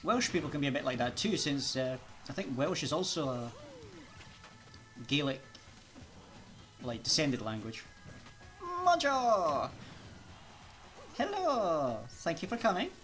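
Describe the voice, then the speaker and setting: A man's voice: fairly high pitch, sing-song, a little slow, long pauses, a bit bright, soft background music. A man streaming a video game live, chatting casually with viewers and laughing often.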